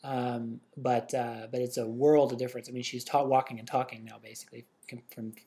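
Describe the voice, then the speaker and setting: An easygoing man chats as co-host of a family podcast. He hesitates often, stringing his thoughts together with ums and uhs. His tone stays relaxed and conversational. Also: medium pitch, brisk, breathy edge. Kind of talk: casual chat.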